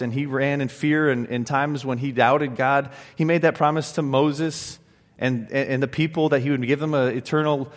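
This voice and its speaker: A male pastor preaches a sermon at a middle pitch, his voice carrying a long reverb through a church hall. He drops to hushed, solemn passages and then rises to emphatic exclamations, with casual asides and stumbling restarts between.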